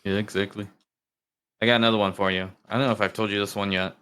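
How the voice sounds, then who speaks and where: A man's voice: fairly low pitch, level tone, fast talker, bright, forceful tone, clear, resonant tone. A man co-hosting a casual podcast, telling jokes in a loose, swearing storytelling manner and acting out the characters' lines. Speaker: podcast co-host.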